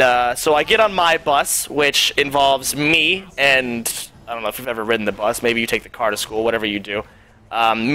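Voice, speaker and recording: Bright-voiced young man telling a story. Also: medium pitch. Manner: rambling and profane, with frequent fillers. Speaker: streamer. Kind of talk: casual storytelling.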